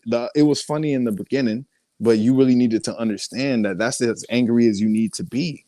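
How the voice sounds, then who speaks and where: A man's voice: mid-range voice, brisk, dry recording. A young adult man, telling stories casually in an interview, acting out quotes with lots of swearing. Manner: animated storyteller, acts out quotes, swears freely. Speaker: guest artist and actor.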